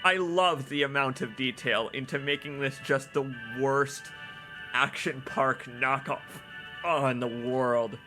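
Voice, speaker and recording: A man casually commenting on a video game as he plays. He reads the in-game notes aloud and bursts into loud, exclaiming laughs at the jokes. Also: mid-range voice, measured pace, faint music behind. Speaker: streamer playing a video game. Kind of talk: casual let's-play commentary.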